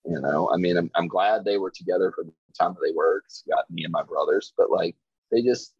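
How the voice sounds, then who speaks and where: A low, husky man tells his stories in an easygoing ramble, leaning on "like" and "you know" as he goes. He is from Virginia and talks like a guest on a casual podcast. The recording is dry and a little dull. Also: a little mellow, no echo. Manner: laid-back storytelling, frequent "like" and "you know". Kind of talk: casual chat.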